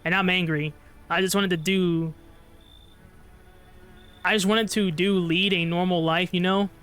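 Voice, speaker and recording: A bitter, worn-down male survivor pleads to be let in, his lines read aloud in a game by a man. The voice sits high and stays smooth and clean. Faint music plays underneath. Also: fairly even intonation, unhurried, a bit bright.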